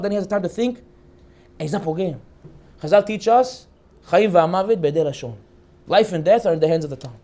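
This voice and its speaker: Man, rabbi, storytelling sermon, rapid delivery, slightly high voice, acts out characters. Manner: animated storyteller acting out the characters' lines.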